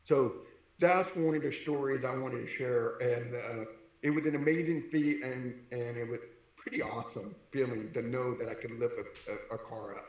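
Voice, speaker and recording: A man's voice: medium pitch, normal speed, reverberant, dull audio. A man who is deaf and wears hearing aids, an interview guest telling a story, acting out the voices of the people in it. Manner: animated, acts out the voices in his story.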